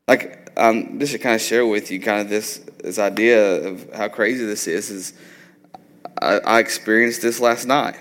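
A man's voice: on the low side, fairly even intonation, moderate pace, fairly bright tone, in a large hall. A man in his thirties preaching a sermon in a loose, conversational way, often tagging on "like" and "right?". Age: 30s. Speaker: pastor.

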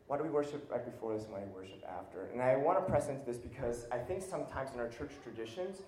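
Male pastor, sermon, warm mellow voice, conversational and questioning, roomy church echo. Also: mid-range voice, lively intonation, fast talker. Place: church sanctuary.

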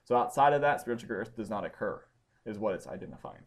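A man teaching a Bible study class, explaining points step by step and pausing to check that his students follow. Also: fairly low pitch, expressive, noisy background. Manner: explanatory, checks understanding with questions.

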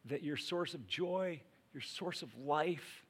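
A male pastor preaching a sermon, swinging between loud urging and quiet asides. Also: fairly high pitch, slow pace, slightly rough.

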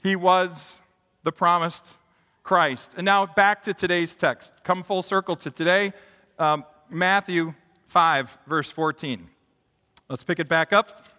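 A middle-aged man preaching a sermon as pastor in a church, acting out quotes with big swings in pitch and loudness. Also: fairly even intonation, slow pace. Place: church sanctuary. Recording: long hall reverb.

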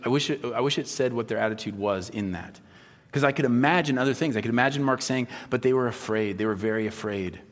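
With a mid-range voice and a fast delivery, a pastor preaches, bringing his stories alive by performing the voices of those he quotes. A long hall reverb fills the recording.

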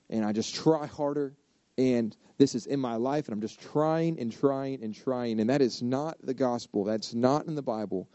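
A man preaches in a relaxed, conversational way. His voice is mellow and sits at an ordinary pitch. He acts out inner voices as he goes. The sound is dry and a little dull, like a lo-fi recording. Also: no echo. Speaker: pastor. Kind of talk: casual sermon.

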